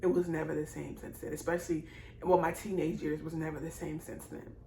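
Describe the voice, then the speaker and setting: A woman's voice: low voice, flat delivery, a little fast, gravelly, warm tone. A young woman in her early twenties telling a personal story to her viewers, rambling and repeating herself, emotional and apologetic. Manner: rambling and repetitive, speaks straight to viewers; emotional, apologizing and laughing through tears. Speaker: vlogger. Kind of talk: casual personal storytelling to camera. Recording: echoey room with faint noise.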